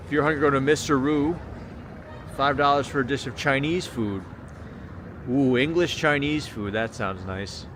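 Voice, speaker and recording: A man's voice: mid-range voice, normal speed, fairly bright tone. An American man livestreaming from a city street at night, chatting casually and reading viewer comments aloud. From United States. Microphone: small handheld camera mic. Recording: outdoor street noise. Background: city street traffic noise.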